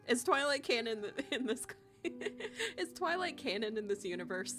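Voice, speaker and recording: A woman's voice: a little high, sing-song, measured pace. A young woman streaming a game live, chatting casually and giggly, often saying "like". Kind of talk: casual live-stream chat while gaming. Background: game music.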